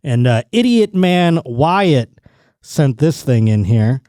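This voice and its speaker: Animated, foul-mouthed podcast host man. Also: mid-range voice, slow pace, no echo, clean studio sound. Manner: profane, joking, rambling. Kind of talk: casual podcast chat.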